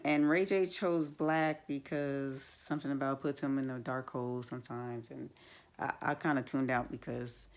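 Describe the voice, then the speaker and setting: Woman vlogger, blunt casual TV recap, gravelly fry, plenty of filler words. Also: low-pitched. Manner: blunt, chatty, many fillers like "like" and "you know". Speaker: TV show reviewer.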